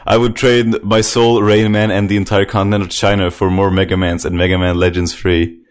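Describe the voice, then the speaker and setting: A man with a somewhat low-pitched voice hosts a casual group podcast. He reads listener comments aloud and laughs along with his co-hosts. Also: little pitch movement, fairly quick.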